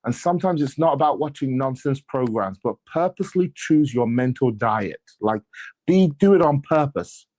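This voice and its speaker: A man, an apostle and church leader, giving a motivational talk on faith and money with an energetic, preacher-like delivery and sarcastic asides. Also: medium pitch, normal speed.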